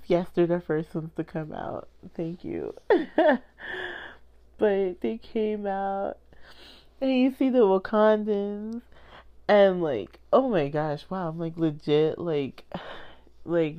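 A woman's voice: mid-range voice, takes it slowly, muffled recording. Rambling woman recapping a movie. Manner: rambling, full of "like" and restarts, laughs often. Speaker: movie reviewer. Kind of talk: casual spoken movie recap.

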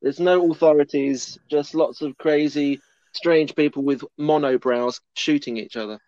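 A man's voice: fairly high pitch, moderate pace, a little mellow, no room sound, lo-fi sound. Giggly hesitant man. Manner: hesitant, giggly, stumbling starts. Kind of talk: casual film review chat.

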